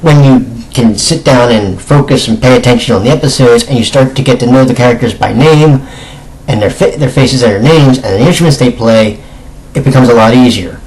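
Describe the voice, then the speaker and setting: Slightly hoarse man chatting through a review. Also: mid-range voice, brisk, a little mellow, low-quality recording. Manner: chatty and emphatic, with frequent self-corrections. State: slightly hoarse, clearing his throat. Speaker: anime reviewer. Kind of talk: casual spoken video review.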